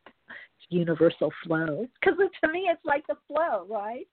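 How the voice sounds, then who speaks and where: A woman's voice: on the high side, sing-song, measured pace, slightly rough, no room sound. Woman, podcast host, casual chat, rambling storyteller, tinny phone-like sound, dry.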